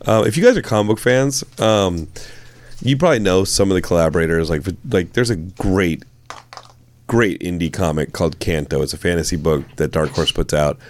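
Low-voiced enthusiastic man, podcast guest. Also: normal speed. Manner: enthusiastic, rambling storyteller. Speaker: comic book writer and filmmaker guest. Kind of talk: casual podcast interview.

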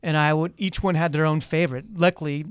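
A man who is a guest actor, talking casually in an interview, relaxed and chatty, laughing now and then. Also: a little high, fast, clear, resonant tone, no echo, studio quality.

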